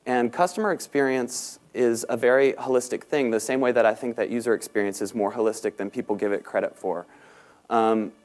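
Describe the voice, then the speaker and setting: Fast-talking man with Southern accent. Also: mid-range voice, steady tone, darkish tone. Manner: self-deprecating, quick, many ums. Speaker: panel speaker. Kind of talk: conference talk. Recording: talk recorded in a meeting room.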